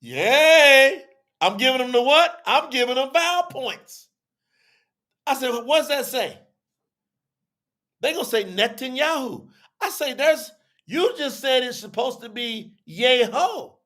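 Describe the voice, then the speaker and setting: A man's voice: very high-pitched, expressive, measured pace, a bit bright. A man teaching a live audience on a religious telethon, chatty and repetitive, acting out both sides of an argument as he explains.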